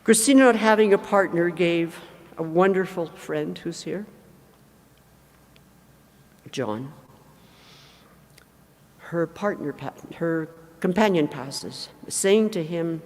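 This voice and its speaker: An older woman, mother of the deceased, giving an emotional, halting eulogy with frequent self-corrections in a large hangar. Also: fairly low pitch, darkish tone. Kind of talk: memorial eulogy. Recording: long reverb in a large hangar.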